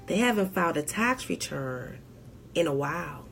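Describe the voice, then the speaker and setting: A woman's voice: deep voice, expressive, normal speed, gravelly, a little hiss or hum. A woman accountant on a live stream, giving tax advice in an emphatic, preachy way and repeating her key points.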